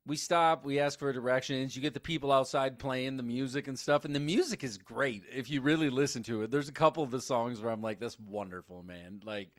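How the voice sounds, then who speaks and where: A man co-hosting a casual movie recap podcast, animated and swearing freely as he acts out scenes. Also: mid-range voice, fairly quick, few pauses, no echo, studio quality. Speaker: podcast co-host.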